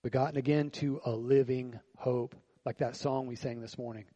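A pastor preaching a sermon at a church service in a conversational way. He keeps asking the congregation rhetorical questions and swings between quiet, reflective lines and louder, animated bursts. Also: mid-range voice, moderate pace, breathy edge, rough recording.

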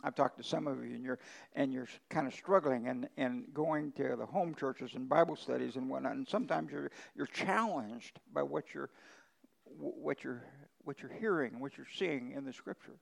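A man's voice: medium pitch, moderate pace, gravelly, rough recording. A male pastor preaching a conversational sermon, telling folksy ranch stories with emphatic swings in his voice.

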